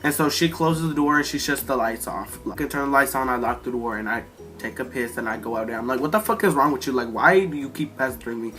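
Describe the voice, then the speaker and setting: A storyteller vlogger rambles through an animated retelling of what happened, swearing constantly. His bright, forceful voice sits at an ordinary middle pitch, with faint music playing in the background.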